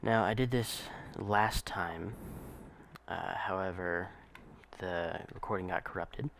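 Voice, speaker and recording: Low gravelly guy explaining a game glitch, laid back, lots of ums, faint hum behind him. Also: slow. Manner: relaxed, explanatory, with frequent ums and uhs. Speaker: gameplay narrator. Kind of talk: casual gameplay walkthrough.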